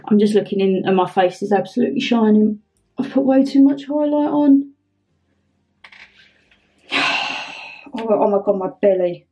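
A woman's voice: mid-range voice, moderate pace, pauses often, dark tone. A young woman chatting through a getting-ready vlog at home, flustered and self-mocking. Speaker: vlogger.

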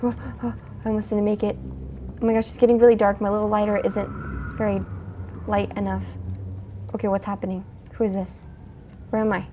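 A woman playing a spooky video game, chatting to her viewers in a jumpy, excitable way. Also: mid-range voice, normal speed, pauses often, a little hiss or hum. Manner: jumpy, chatty, talks to viewers, frequent gasps and exclamations. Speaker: gaming video host. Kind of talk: let's play commentary.

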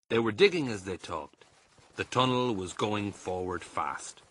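A man reading a children's story aloud in an expressive storytelling manner. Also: deep voice, normal speed, slightly rough, no echo, studio quality. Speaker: reader. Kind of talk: audiobook narration.

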